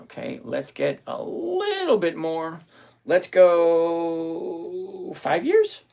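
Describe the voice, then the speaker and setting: A man's voice: fairly high pitch, very animated, drawn-out words, creaky, dark tone. A man hosting a stock-trading livestream, talking bluntly and with exasperation, rattling off countdowns and numbers. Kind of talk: casual livestream talk.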